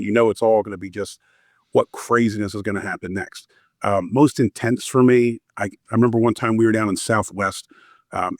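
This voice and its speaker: Guy w a lowish voice telling old warrant job stories, laid back, lots of ums, dry sound. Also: no echo. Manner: relaxed, anecdotal, lots of fillers. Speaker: former warrant investigator, guest. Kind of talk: casual interview storytelling.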